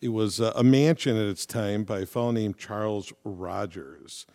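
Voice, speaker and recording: A man co-hosts a relaxed talk show. His voice sits a little low. He chats easily and jokes as he tells a story. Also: moderate pace. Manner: chatty, joking storyteller. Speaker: podcast co-host. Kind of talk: casual chat.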